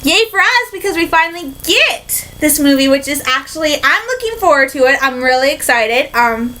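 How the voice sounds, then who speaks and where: Bright, excitable young woman from Michigan. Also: high voice, moderate pace, a little hiss or hum, rough recording. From Michigan, USA. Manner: excitable, rambling, many fillers and likes, slips into a put-on British accent. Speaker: vlogger. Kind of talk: casual recap vlog.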